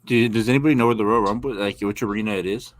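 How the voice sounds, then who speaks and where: Male podcast co-host, brisk delivery, plain matter-of-fact chat. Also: fairly low pitch. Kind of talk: casual chat.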